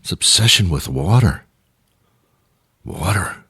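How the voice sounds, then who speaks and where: A man's voice: low voice, lively intonation, takes it slowly, sharp tone, breathy edge, no room sound. A middle-aged man hosting a radio show, delivering an exasperated, rambling comedic monologue full of repeated questions.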